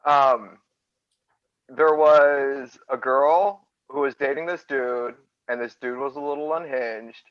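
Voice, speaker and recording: Guy on a podcast, blunt and sweary, flat dry lo-fi sound. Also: mid-range voice, slow pace, dry recording. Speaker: podcast co-host. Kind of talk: casual podcast chat.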